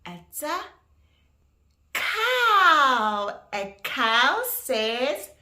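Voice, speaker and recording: A woman teaching toddlers in a slow, exaggerated, sing-song way, gasping and making animal sounds. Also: a little high, sing-song, sharp tone. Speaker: children's educator. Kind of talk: toddler learning video.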